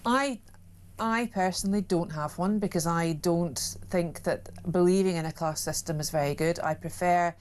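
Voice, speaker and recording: A woman's voice: fairly low pitch, moderate pace, darkish tone, slight background noise. Chatty woman guest. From Glasgow, Scotland. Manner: chatty, opinionated, wry. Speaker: studio guest. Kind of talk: casual chat. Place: radio studio.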